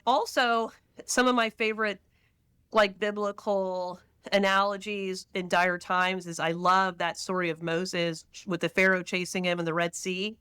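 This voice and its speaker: Bright clear-voiced woman from texas, middle-aged, chatty and animated on a podcast. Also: mid-range voice, measured pace, no echo. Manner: animated storyteller, slips into quoted voices. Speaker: podcast guest. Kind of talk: casual conversational interview.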